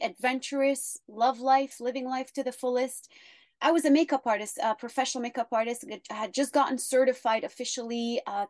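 A woman guest telling her story in an interview, earnest and measured. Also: high-pitched, no echo.

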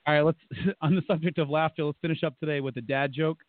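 A man's voice: a little high, little pitch movement, quick pace, noisy background. A man hosting a casual online class show, playful, often repeating himself and laughing at his own jokes. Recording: tinny video call.

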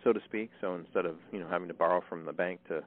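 A man's voice: low voice, fairly even intonation, racing. A man hosting an interview podcast, chatty with dry sarcasm, talking over a phone call. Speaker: podcast host. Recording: tinny phone line.

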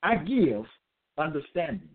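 A man giving a religious monologue with scripture readings, emphatic and repetitive, stressing words slowly. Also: on the high side, very animated. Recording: tinny phone-like audio.

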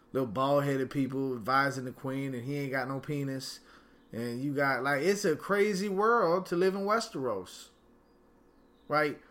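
Male podcast host, bright edgy tone, mid pitch, solo profane rant at home. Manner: angry, profane ranting with slang.

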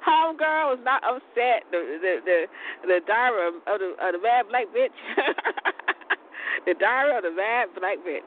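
High-voiced woman ranting over a phone line. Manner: chatty, profane, laughs often. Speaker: internet radio host. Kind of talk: casual rambling monologue. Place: outdoors on a balcony. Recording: tinny phone line, faint outdoor noise.

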